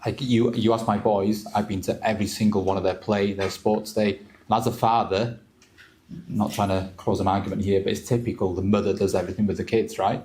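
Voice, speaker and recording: A man's voice: on the low side, fairly even intonation, brisk, darkish tone, slight background noise. A man in his thirties, a father and trader, talking candidly and emotionally on stage at a live event. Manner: candid, emotional, repeats words. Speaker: trader speaking on a panel. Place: event hall with an audience.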